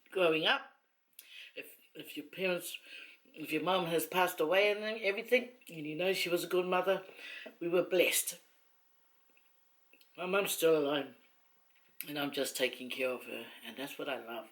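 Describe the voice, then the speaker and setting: Seated on a long chair indoors at home, a mukbang vlogger, a middle-aged Samoan-accented woman, chats to the camera in a low, somewhat bright voice. Her storytelling is casual and meandering, full of teasing and frequent laughter.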